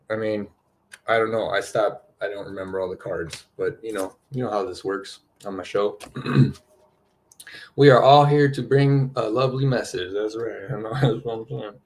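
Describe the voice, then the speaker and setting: A man with a lowish voice hosts a spiritual card-reading show, rambling loosely in casual chat. He fills his talk with "you know" and "right?" and grows more excited as he goes on.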